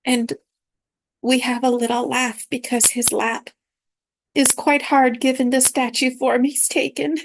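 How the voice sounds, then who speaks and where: Slow, soft-spoken woman reading reflectively. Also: sits high, flat delivery, no echo. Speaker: author reading her own book. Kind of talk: reading a spiritual dream journal aloud.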